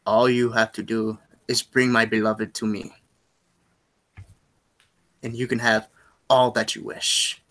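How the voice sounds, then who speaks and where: A man's voice: fairly low pitch, level tone, a bit bright. A man whispering as a sinister disembodied voice. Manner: whispered, slow.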